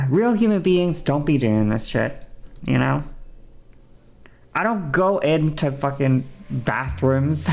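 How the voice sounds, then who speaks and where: A woman's voice: deep voice, lively intonation, slow, gravelly, darkish tone. A woman streamer talking casually and swearing freely, often adding "you know" as she chats with her viewers. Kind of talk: casual livestream chat.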